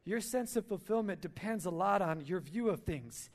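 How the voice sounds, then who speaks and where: A man's voice: high-pitched, expressive, moderate pace. A male pastor preaching a sermon at a church service, emphatic, repeating key lines and asking rhetorical questions.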